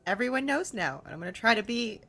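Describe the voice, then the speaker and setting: Animated woman playing a tabletop game. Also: on the high side, quick pace. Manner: excitable, animated storytelling. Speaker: player.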